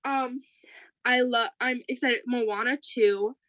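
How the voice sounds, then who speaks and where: High-pitched young woman, chatty and excitable, super dry sound. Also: takes it slowly, no echo, muffled recording. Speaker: podcast co-host. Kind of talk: casual chat.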